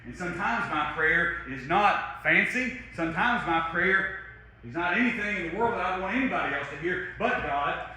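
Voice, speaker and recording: A man preaching a sermon as pastor, talking conversationally with big swings from loud to soft. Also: expressive, moderate pace, very echoey, slight background noise. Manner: conversational preaching with wide swings in loudness and pitch. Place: church sanctuary.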